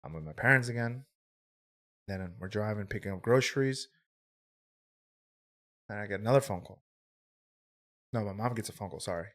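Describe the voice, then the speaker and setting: Candid, rambling young man, low-voiced. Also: fairly bright tone. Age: 20s. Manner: candid, swears freely, says "like" and "right?" often. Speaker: podcast guest. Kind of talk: casual storytelling.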